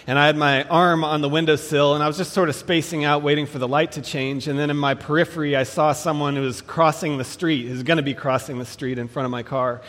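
A man delivers a sermon in a measured, emphatic manner, slowing down to land his key phrases. His voice sits a little high for a man. A long reverb trails each line through the hall. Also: steady tone, a bit bright. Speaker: preacher.

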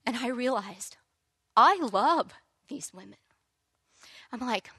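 A woman in her thirties telling a personal faith story in an animated, candid way. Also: a little high, extremely slow, pauses often, slightly rough, dry recording. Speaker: church member sharing a testimony.

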